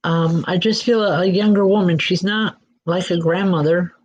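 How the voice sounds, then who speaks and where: A woman working as a psychic medium, giving spirit readings in a gentle, reassuring way and speaking straight to listeners by name. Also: fairly low pitch, steady tone, normal speed, breathy edge. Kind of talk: live spirit readings and announcements. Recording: dull lo-fi recording.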